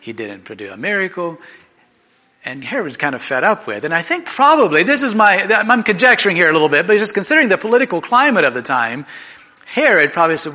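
A man preaching a sermon in an animated, conversational way, often restarting his sentences. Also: high-pitched, fast. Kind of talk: sermon storytelling.

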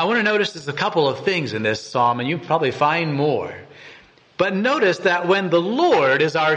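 A man's voice: fairly high pitch, a bit bright. A man giving a devotional meditation and reading scripture aloud in an earnest way, often repeating and restarting words. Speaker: preacher.

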